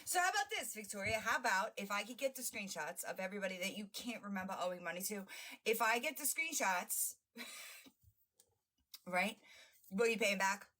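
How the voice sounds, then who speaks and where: A woman hosts a livestream and reacts to videos with blunt, profane mockery and frequent laughter. Her voice is bright and forward. She talks in a sarcastic, loose, casual way. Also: medium pitch, animated, normal speed. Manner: brash and profane, often laughing; mocking and sarcastic. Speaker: livestream host.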